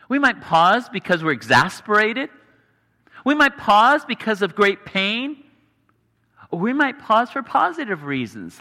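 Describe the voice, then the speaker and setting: High bright man preaching in reverberant hall. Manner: earnest, explanatory, pauses for emphasis. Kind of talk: sermon.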